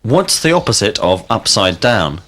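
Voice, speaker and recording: A man leads a scripted language drill in a slightly low voice. His pitch moves a lot as he calls out single words and asks questions slowly and deliberately. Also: sing-song, fairly bright tone. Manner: slow, deliberate questioning with clear word prompts. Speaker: teacher.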